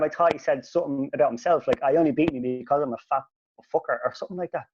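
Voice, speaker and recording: A man telling a sweary, animated story as a podcast host, his voice jumping up when he quotes himself. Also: fairly high pitch, very fast, background noise. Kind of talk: casual storytelling. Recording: dull lo-fi podcast audio.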